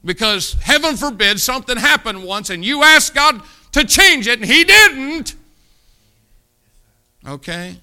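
A man pastor preaching a sermon, animated, with sudden loud rises and soft drops, acting out voices in his stories. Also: very high-pitched, measured pace, clean tone.

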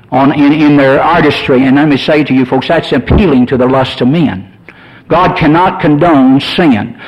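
Man, church pastor, homespun sermon, builds to loud emphasis, radio sound. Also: fairly high pitch, muffled recording. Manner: folksy, rising to emphatic preaching.

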